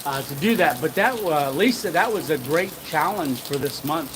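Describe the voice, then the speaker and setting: A man's voice: a little high, lively intonation, normal speed. A middle-aged man hosting a casual live stream, telling a rambling story with chuckles and lots of fillers. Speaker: channel host. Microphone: handheld camera. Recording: rain noise behind voice. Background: rain.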